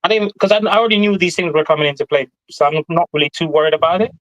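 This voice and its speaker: A man's voice: on the high side, very fast, a bit bright, no room sound, poor audio. A man from Jamaica with a Jamaican accent, chatting easily as a guest on a live stream. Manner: easygoing, laughs often. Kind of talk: casual chat on a live stream.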